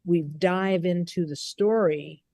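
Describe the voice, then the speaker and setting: A woman Buddhist teacher telling a story on a video call, unhurried and given to restarts and repeated words. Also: fairly low pitch, warm tone, no room sound. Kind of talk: storytelling in a recorded conversation.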